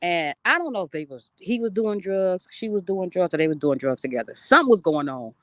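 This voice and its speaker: A woman's voice: fairly low pitch, animated, brisk, fairly bright tone, dry recording. A middle-aged woman telling stories on a phone livestream outdoors, emphatic, blunt and profane. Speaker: livestream host. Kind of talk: casual livestream storytelling. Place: outdoors near trees.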